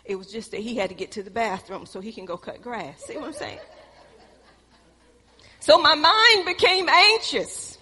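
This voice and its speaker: A woman preaching a sermon, telling stories and building to excited emphasis. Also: medium pitch, fast talker, few pauses, big-room sound, a faint crowd. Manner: storytelling, rising to excited emphasis.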